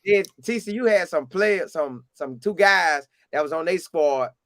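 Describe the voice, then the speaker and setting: Casting note: animated Southern storyteller, a man with a high voice, recorded dry and close. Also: a little slow, no room sound. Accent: Southern US, Florida. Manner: animated, acts out quotes in a higher voice. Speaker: storyteller recounting a game visit. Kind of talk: casual storytelling.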